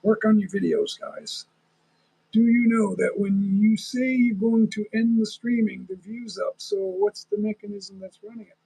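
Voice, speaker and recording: A man with a high, expressive voice talks at a normal pace, with vocal fry and a mellow, slightly rough texture. He chats casually on a live stream, rambling, addressing his viewers directly and chuckling often. The recording quality is low.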